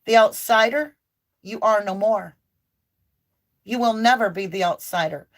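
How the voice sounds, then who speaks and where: A woman's voice: mid-range voice, unhurried. A woman giving an impassioned, preachy tarot reading full of emphatic declarations. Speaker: tarot reader. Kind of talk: spiritual tarot reading monologue.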